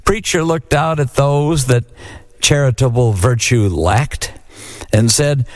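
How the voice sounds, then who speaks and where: Slow, measured cowboy poem reciter. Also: male voice, mid-range voice.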